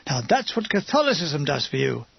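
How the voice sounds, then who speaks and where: A man's voice: fairly high pitch, big pitch swings, normal speed, vocal fry, slightly rough, dull audio, voice pushed down, heavily acted. A man doing a wry, dry-witted British soldier.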